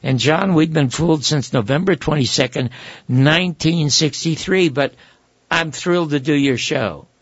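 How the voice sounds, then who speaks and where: Gravelly older man telling animated stories. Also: on the high side, moderate pace, no room sound, lo-fi sound. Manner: animated storyteller who acts out quoted voices. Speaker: guest. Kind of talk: anecdotal storytelling.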